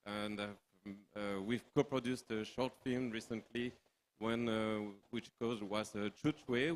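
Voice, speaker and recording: A man with a French accent speaks in English at a middle pitch, steady but hesitant, with frequent fillers. Faint noise hums behind him. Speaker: film producer. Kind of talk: panel speech.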